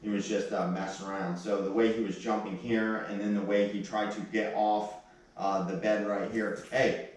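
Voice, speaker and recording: A man working as a dog trainer, casually explaining each step and barking short sharp commands to the dog. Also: fairly low pitch, little pitch movement, moderate pace. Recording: distant, very echoey.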